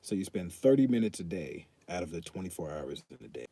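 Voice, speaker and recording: Brief: young man, husky and low, relaxed live-stream banter. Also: quick pace. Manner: loose and joking, reads chat aloud, swears casually. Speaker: fitness streamer. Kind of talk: casual live-stream chat.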